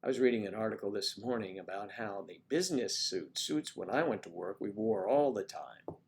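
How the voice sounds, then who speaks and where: Brisk and expressive with a fairly low pitch, this man hosts a laid-back livestream. He rambles along, reading the chat and chatting with viewers by name.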